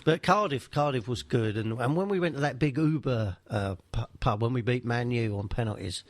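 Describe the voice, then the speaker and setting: A man's voice: medium pitch, moderate pace, dry recording. A man, a podcast guest telling teasing football anecdotes with frequent laughs. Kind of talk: casual banter about football.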